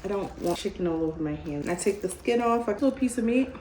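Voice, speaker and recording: A woman's voice: mid-range voice, expressive, quick pace, darkish tone. Chatty woman cooking in echoey kitchen. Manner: chatty, homey, laughs often, says "y'all" and "child". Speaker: cooking vlogger. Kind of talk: casual cooking tutorial. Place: home kitchen. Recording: roomy kitchen echo, clear background noise.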